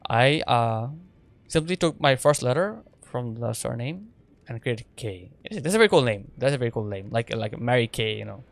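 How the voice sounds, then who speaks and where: A man casually commenting on his gameplay, rambling and chatty, with plenty of fillers. His voice sits at a middle pitch and sounds dry and close. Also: expressive, moderate pace, gravelly, no room sound. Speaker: game streamer.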